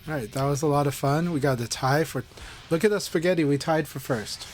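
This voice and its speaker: A man's voice: on the high side, fairly quick, faint music behind. A man live-streaming a fighting game, chatting casually and encouragingly with viewers.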